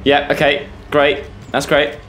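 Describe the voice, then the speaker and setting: A man's voice: a little high, completely flat delivery, measured pace, a bit bright, faint music behind. A young British man commentating a horror game for viewers, jumpy and yelping when scared. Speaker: gaming YouTuber. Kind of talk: let's play commentary.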